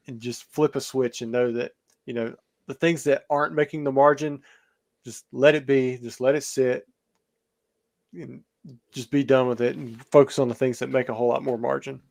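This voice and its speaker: A man who is a guest on a podcast interview and sells cards, talking in a rambling way and hedging with lots of fillers. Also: mid-range voice. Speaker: podcast guest, card seller.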